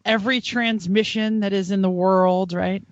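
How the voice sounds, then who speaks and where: High-voiced teasing podcast co-host. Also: male voice, steady tone, normal speed, dry recording, dull audio. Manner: teasing, prods others to talk. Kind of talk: casual podcast chat.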